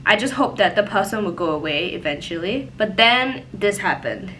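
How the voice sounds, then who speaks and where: Bright-voiced young woman telling a story. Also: mid-range voice, moderate pace, a little hiss or hum, low-quality recording. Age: young adult. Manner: animated, lots of "like" fillers. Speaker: vlogger. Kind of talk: casual storytime. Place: home, indoors.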